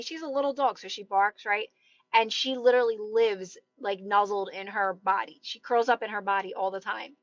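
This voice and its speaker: Woman in her thirties, Philly-area accent, chatty live host, higher voice, dull dry phone audio. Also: a bit bright, dry recording. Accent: Delaware County (Philadelphia area). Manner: chatty, rambling, laughs often, greets viewers. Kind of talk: casual live-stream chat.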